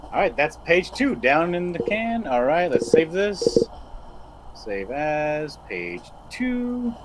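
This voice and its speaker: A man's voice: on the high side, big pitch swings, takes it slowly. A blunt, bossy man chats casually while sketching a comic page on stream. He thinks aloud as he works, and a faint hiss sits under his voice. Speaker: comic artist and stream host. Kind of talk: casual live-stream chat while drawing.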